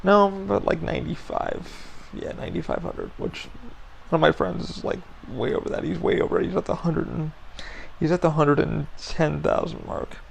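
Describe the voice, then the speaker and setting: A man's voice: a little high, moderate pace, vocal fry, a little hiss or hum, rough recording. A man hosting a podcast, venting frankly in a casual monologue, blunt and full of swearing. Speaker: podcast host.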